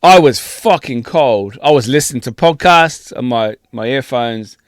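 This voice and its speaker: A young man co-hosting a podcast, recounting a story with lots of swearing and a lively, up-and-down voice. His pitch sits mid-range, and the sound is close and dry with no room echo. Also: a little slow. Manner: sweary, animated anecdote telling. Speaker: podcast co-host. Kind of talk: casual storytelling chat.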